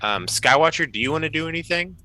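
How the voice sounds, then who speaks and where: A man narrating a tabletop game as game master, with relaxed, lively storytelling. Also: fairly high pitch, fast talker, low-quality recording.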